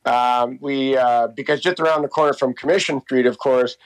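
A man in his fifties talks loosely and warmly, circling back with "you know" and "by the way". His voice sits at a plain middle pitch for a man, and he keeps restarting his sentences as he goes. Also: fairly even intonation, moderate pace, low-quality recording. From Canada. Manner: rambling, many fillers and restarts. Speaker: interviewee, walking tour guide. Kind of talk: casual storytelling.

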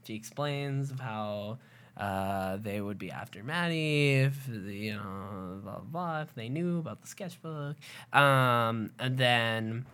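A woman co-hosts a relaxed podcast recap, reading from her notes and reacting with lively, unfiltered enthusiasm. Her voice is bright and forward, and she swears casually as she talks. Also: extremely low pitch, takes it slowly, clear, resonant tone. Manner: animated, reads from her notes, swears freely. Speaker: podcast co-host. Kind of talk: casual chat recapping a TV episode.

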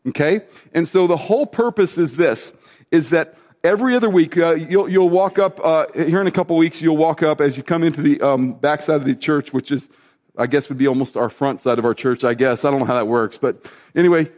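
A pastor preaching a relaxed, conversational sermon live in church, full of fillers and repeated phrases. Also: male voice, on the high side. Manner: chatty, loose, repeats himself, many fillers. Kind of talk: casual spoken sermon to a live congregation. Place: church service, sanctuary.

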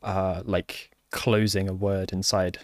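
Male software developer, low voice, dry close sound, halting casual talk full of fillers. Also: level tone, dry recording. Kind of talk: casual conversation.

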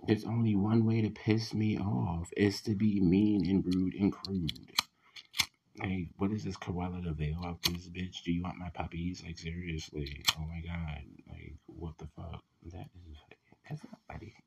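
A man ranting in a casual voice message, venting with heavy profanity and many fillers, getting loud and heated at times. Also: low-pitched, fairly even intonation, measured pace, gravelly, dull audio, very noisy. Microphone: voice message recording.

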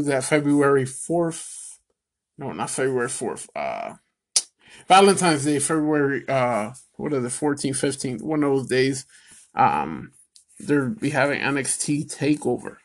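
A man's voice: medium pitch, unhurried. A man giving a casual solo wrestling rant, rambling with fillers and calling his viewers "people", and getting worked up and cursing. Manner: swings from excited to angry ranting, swearing. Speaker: wrestling commentary vlogger.

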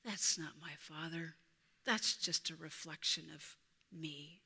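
A woman voicing a frightened young male lion prince, speaking softly and small. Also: deep voice, fairly even intonation, slow pace, vocal fry, slightly rough, pitched below the performer's own voice, exaggerated voice. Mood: deflated. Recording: reverberant hall.

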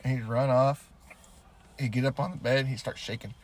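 A man's voice: mid-range voice, fairly even intonation, moderate pace, slight background noise. A man co-hosting a podcast, chatting casually and telling loose, profane stories, with now and then a goofy voice. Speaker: podcast co-host. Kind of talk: casual chat.

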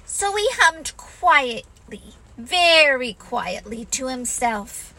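A woman narrating a storybook in a gentle, expressive reading voice. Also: high-pitched, slow pace, poor audio.

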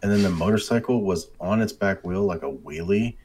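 A man in casual chat, excitedly telling profane stories about video game glitches. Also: sits low, brisk, a little hiss or hum.

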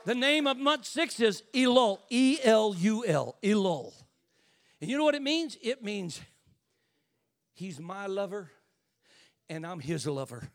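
High-voiced, bright older preacher man. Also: big pitch swings, a little slow, long pauses. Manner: impassioned, swings from hushed asides to shouting. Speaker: bishop preaching. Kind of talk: sermon.

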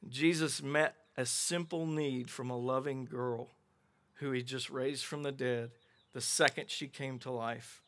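A middle-aged man preaching a sermon as pastor, telling Bible stories with animated voices for the characters. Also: mid-range voice, slow pace. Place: outdoor gathering without a building.

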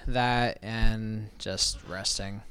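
A man's voice: on the low side, fairly even intonation, extremely slow, bright, forceful tone, a little hiss or hum. A man co-hosting a casual podcast, teasing his partner and laughing often. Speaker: podcast co-host. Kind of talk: casual chat.

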